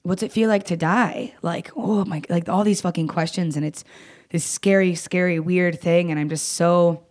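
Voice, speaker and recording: A young woman telling a personal story in casual conversation, blunt and swearing, acting out quoted lines with jumps in pitch. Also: fairly even intonation, moderate pace, darkish tone. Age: young adult. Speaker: guest.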